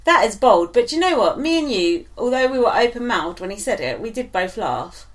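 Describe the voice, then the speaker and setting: A woman's voice: on the high side, sing-song, moderate pace. A woman co-hosting a casual gossip chat, blunt and opinionated, laughing often. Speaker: podcast co-host.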